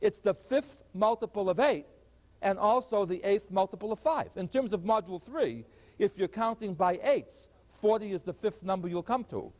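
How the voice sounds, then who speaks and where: A math professor giving a chalkboard lecture, asking the class questions and answering them himself. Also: male voice, sits high, animated, normal speed. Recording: 1980s lecture hall recording with long reverb.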